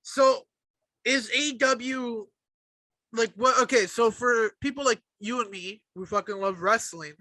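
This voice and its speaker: Man, podcast co-host, high and very bright voice, profane heated rant, dry close sound. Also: measured pace, dry recording. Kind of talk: casual wrestling chat.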